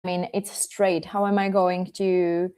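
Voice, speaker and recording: A woman's voice: on the low side, level tone, a little slow, dark tone, clear, resonant tone, natural voice. A woman voicing a snooty female cat who scolds her friend, in a bedtime story. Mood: doubtful. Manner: scolding, prim.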